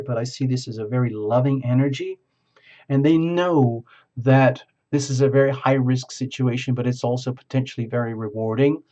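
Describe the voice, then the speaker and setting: A man giving a tarot reading in a rambling, halting, effusive way. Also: medium pitch, darkish tone, lo-fi sound. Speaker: tarot reader.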